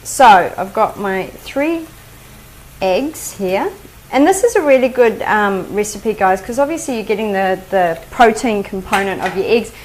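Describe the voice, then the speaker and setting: A woman's voice: medium pitch, animated, a little slow, rough recording. A woman with a New Zealand accent hosting a live cooking demonstration, chatting homely as she explains each step. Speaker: cooking show host.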